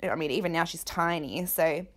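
A woman hosting a casual gossip commentary, candid and joking, with quick asides. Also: low voice, fairly bright tone. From Australia. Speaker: podcast host.

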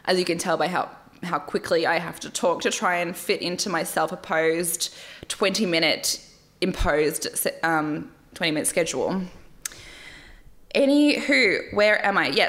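A young woman recapping a reality show in a casual, chatty way, talking quickly, swearing and laughing often. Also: fairly low pitch, a bit bright.

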